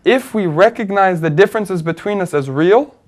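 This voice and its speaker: A man's voice: high voice, moderate pace, a little mellow. A man co-hosting a discussion, explaining his reasoning step by step with frequent fillers and restarts. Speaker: co-host. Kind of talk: conversational discussion.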